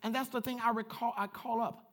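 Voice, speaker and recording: A man preaching a sermon as pastor, swinging from quiet asides to loud repeated calls and chatting with the congregation. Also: very high-pitched, steady tone, a little fast. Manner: chatty with the congregation, laughs at himself. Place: church.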